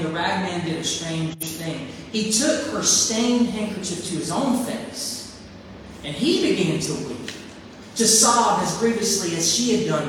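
A man's voice: on the high side, noisy background. A man preaching a sermon and reading a story aloud, speaking earnestly in short, emphatic phrases. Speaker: pastor. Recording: echoey hall from far off.

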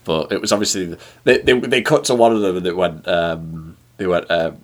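A man's voice: low-pitched, fairly even intonation, normal speed. A man co-hosting a podcast, chatting casually with wry jokes. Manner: wry, joking. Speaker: podcast co-host. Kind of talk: casual chat.

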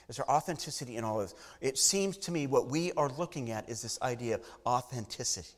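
A man's voice: mid-range voice, big-room sound. A man preaching a sermon to a congregation, emphatic, with repeated phrases and questions to the listeners. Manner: emphatic preaching with repetition and rising bursts. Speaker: pastor.

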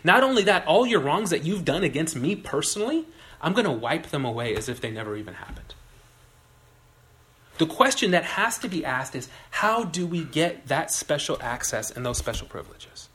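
A man with a fairly high voice preaching a sermon. He talks in a loose, conversational way and tells everyday stories to make his point. He keeps turning to the room with quick questions. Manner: conversational, animated storytelling with audience questions. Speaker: pastor.

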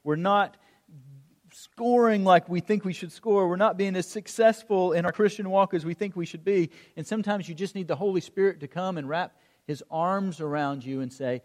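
A middle-aged man preaching a sermon, telling stories in an animated way and acting out the calls of a coach. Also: sits high, moderate pace. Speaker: pastor. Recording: long hall reverb.

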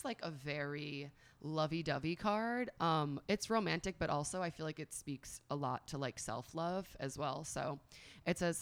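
A woman's voice: sits low, vocal fry. A woman in her thirties, reading oracle cards aloud and chatting casually, with many filler words. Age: 30s. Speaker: tarot and oracle card reader. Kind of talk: casual chat and card reading.

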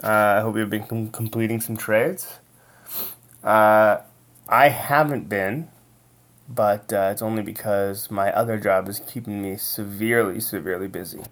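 A man's voice: lowish voice, steady tone, moderate pace, a bit bright. A man introducing a podcast segment in a loose, casual way, with lots of uh fillers.

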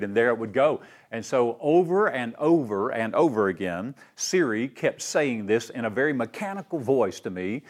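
Folksy pastor preaching. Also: male voice, mid-range voice. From East Tennessee, US. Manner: warm folksy storytelling with fillers and "man". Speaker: guest pastor. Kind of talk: sermon.

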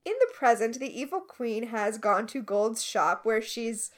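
High-pitched woman co-host, wry and animated, for a casual podcast recap. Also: a little slow. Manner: sarcastic, animated, acts out characters in quotes.

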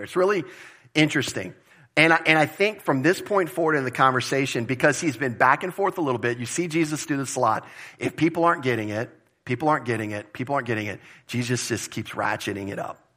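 A pastor preaching a conversational, emphatic sermon, repeating phrases for stress. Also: male voice, mid-range voice, pushed and bright, breathy edge. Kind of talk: expository sermon.

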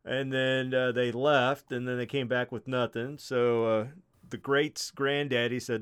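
A man's voice: mid-range voice, flat delivery, a little slow, fairly bright tone, clean tone. A man hosting a podcast, casually telling a long story with lots of swearing and fillers. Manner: rambling, profane, many fillers. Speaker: podcast host.

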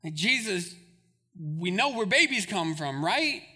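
A man voicing a puzzled older male religious teacher who asks bewildered, hushed questions, lower and softer than his own voice. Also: very animated, measured pace, heavily acted. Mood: incredulous.

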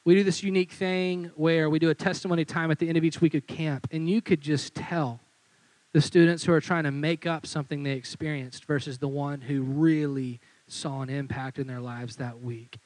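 A young man who is a youth pastor, preaching with lively storytelling and acting out quotes. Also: a little high, moderate pace, dry recording, poor audio. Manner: animated storyteller, acts out quotes. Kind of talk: sermon with storytelling.

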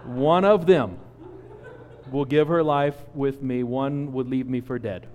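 A man in his forties preaching a sermon, telling a personal story with lively acted-out quotes. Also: medium pitch, slow, long reverb tail, slight background noise. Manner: animated storyteller, acts out quotes. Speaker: pastor.

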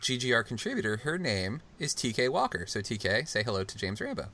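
A man hosting a casual podcast, talking at length and with strong feeling, swinging from excited outbursts to hushed, tender stretches. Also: mid-range voice, brisk. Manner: long-winded, emotional, swings from excited to hushed. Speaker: podcast host.

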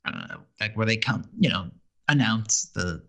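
A man's voice: fairly low pitch, animated, moderate pace, creaky, fairly bright tone. A man in casual chat, animatedly retelling a TV episode and acting out the characters' lines.

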